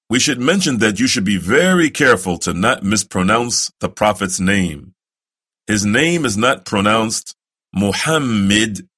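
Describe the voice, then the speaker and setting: A man with a lowish voice guides new believers through the words of prayer. He speaks at an unhurried, measured pace and lingers on every phrase. His manner is careful and instructional. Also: a bit bright. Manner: recites prayers slowly and deliberately, with pauses for repetition. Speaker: religious instructor. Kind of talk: slow, careful instructional narration.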